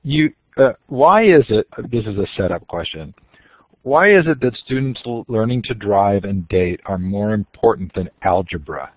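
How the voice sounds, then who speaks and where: A man hosting an interview, asking measured, thoughtful questions. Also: lowish voice, animated, dry recording. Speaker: host. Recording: tinny phone line.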